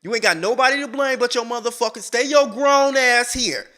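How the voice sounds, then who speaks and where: A man's voice: very high voice, brisk, pushed and bright, pitched above the performer's own voice. A man voicing a fed-up mother who curses and scolds her grown daughter over and over. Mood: furious scolding. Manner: scolding, cursing, repeating herself.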